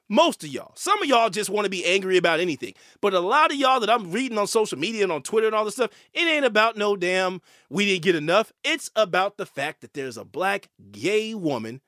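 A man's voice: high-pitched, no room sound, clean studio sound. A male host, talking emphatically and swearing as he delivers opinionated commentary. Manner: animated, emphatic, swearing, with fillers and repeats.

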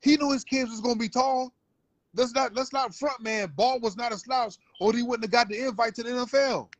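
A man's voice: very high-pitched, steady tone, fairly quick. A man arguing his point in a heated sports debate, insisting and repeating himself. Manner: insistent, repeats himself, calls people bro.

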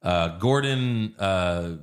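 A man co-hosting a movie review podcast. His voice sits on the low side, and he keeps the chat casual and loose. He retells scenes with gusto, swears freely, and slips into the characters' lines. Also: animated, very slow. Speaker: podcast co-host.

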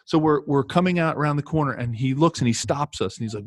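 A former football player telling lively anecdotes in casual chat, with many fillers and restarts. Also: male voice, medium pitch, fast, no room sound.

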